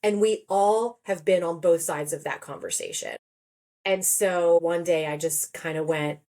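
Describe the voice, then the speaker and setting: A woman in her forties with a slightly low voice tells her story as a podcast guest. She talks in a relaxed, chatty way. She slips into quoted voices as she goes. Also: normal speed. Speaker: guest, therapist and author. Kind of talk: conversational podcast interview.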